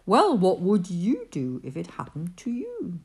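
A woman reading a rhyming bedtime story aloud in an animated storyteller's voice. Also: on the low side, a little slow.

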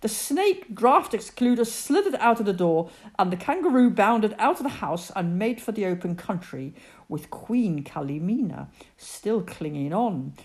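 A woman reading a children's story aloud, narrating in an expressive, dramatic way. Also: mid-range voice, measured pace.

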